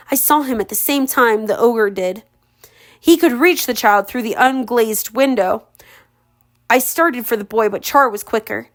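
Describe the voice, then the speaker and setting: A woman reading a storybook aloud for a relative. She keeps it informal, corrects her own slips, and pauses to chat about the story. Her voice sits a little on the high side. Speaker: audiobook reader for a relative. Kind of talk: casual read-aloud with commentary.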